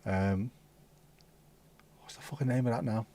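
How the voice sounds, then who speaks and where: He has a mellow, medium-pitched voice and a measured pace. The man hosts a livestream, reading live chat aloud and bantering with viewer comments in a casual, swearing manner.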